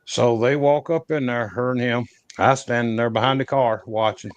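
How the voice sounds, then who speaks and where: A man's voice: mid-range voice, steady tone, normal speed, clear, resonant tone, no room sound. A man casually telling a long encounter story as a podcast guest, in a folksy, rambling way with rural grammar and frequent restarts.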